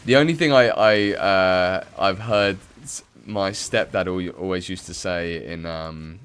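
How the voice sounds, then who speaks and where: Chatting loosely while he plays a game on stream, this young Midlands man rambles with plenty of fillers. He has a low, clear, resonant voice with a fairly bright tone and a measured pace.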